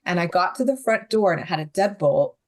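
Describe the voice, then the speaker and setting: Her voice lowish, animated and a little fast, a woman shares her survival story as an interview guest. The retelling is candid and vivid, dotted with nervous laughs.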